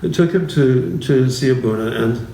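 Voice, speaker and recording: A man giving an informal church talk with stories, halting and restarting often between fillers. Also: medium pitch, vocal fry, dark tone, recorded from a distance. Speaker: bishop teaching a class series. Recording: roomy church hall, voice from afar, faint noise.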